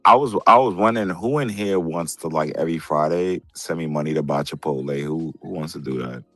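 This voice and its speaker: A man's voice: a bass voice, brisk, sharp tone, faint music behind. A man hosting a loose, casual group chat, moderating the room and defending his own point. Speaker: host.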